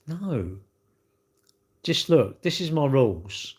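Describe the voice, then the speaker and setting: Middle aged bloke, banter and swearing on his live stream, average pitch. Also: normal speed. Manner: chatty, cheeky banter, swearing. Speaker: livestream host. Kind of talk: casual livestream chat reading comments.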